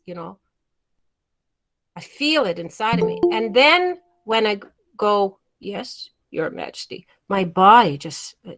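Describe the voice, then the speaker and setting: A woman's voice: fairly high pitch, a bit bright. A woman leads a storytelling workshop over a video call, with an emphatic manner. She drags out words she wants to stress and often restarts her phrases as she explains. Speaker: storytelling teacher.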